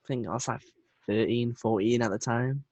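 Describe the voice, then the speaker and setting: A man's voice: mid-range voice, moderate pace, darkish tone, no room sound, muffled recording. A young man, co-hosting a casual podcast chat in a chatty, enthusiastic way and laughing often. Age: young adult. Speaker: podcast co-host.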